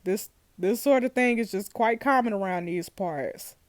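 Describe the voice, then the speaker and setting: A cold, unrepentant male constable brushes off the accusation in a flat voice, as a woman reads his lines. Dry, close recording. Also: medium pitch, normal speed, dry recording, natural voice.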